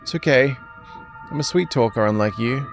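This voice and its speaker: A man's voice: medium pitch, expressive, brisk, darkish tone, soft background music, pitched above the performer's own voice, close to an everyday voice. A man voicing a brave teenage schoolgirl in a horror game, urging and coaxing her friends. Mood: urgent. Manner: urgent, coaxing.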